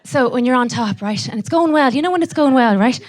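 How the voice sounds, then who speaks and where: A young Irish woman doing a live stand-up set, brash and profane, throwing quick asides to the audience. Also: high-pitched, lively intonation. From Ireland. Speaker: stand-up comedian.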